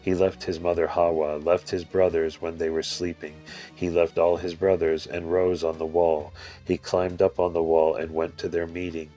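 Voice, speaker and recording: A man with a very low, flat voice recites an ancient religious text in a steady, measured way. Faint guitar plays softly behind him as he reads on. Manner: steady, measured recitation with occasional filler slips. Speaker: scripture reader. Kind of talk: reading a religious text aloud.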